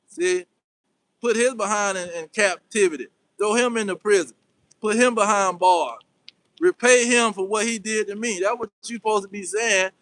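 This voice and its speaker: High-voiced man preaching emphatically. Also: bright, forceful tone, low-quality recording. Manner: emphatic, repetitive commands, slows down for verses. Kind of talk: fiery scripture teaching.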